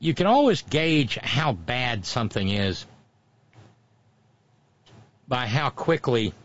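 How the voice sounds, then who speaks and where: A man's voice: mid-range voice, sing-song, takes it slowly, lo-fi sound. A man hosting casual political commentary, sardonic and mocking, with frequent asides.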